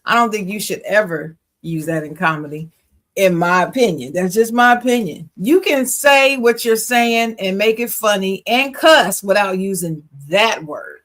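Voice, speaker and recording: A woman's voice: mid-range voice, normal speed, a bit bright. Woman, podcast co-host, casual and opinionated, chatty with easy laughs. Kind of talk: casual chat.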